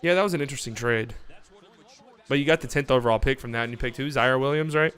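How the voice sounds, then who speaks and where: A man hosting a live watch party stream, calling the game in casual play-by-play that swings between calm calls and excited, swearing outbursts. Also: medium pitch, quick pace, smooth.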